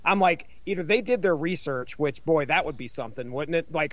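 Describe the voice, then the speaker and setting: A man co-hosts a casual podcast, joking around and swearing while acting out imagined conversations. His voice sits a bit high. The recording is dry and close. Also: expressive, fairly quick, dry recording, dull audio. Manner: joking, profane, acts out imagined dialogue. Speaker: podcast co-host. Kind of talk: casual chat about an album.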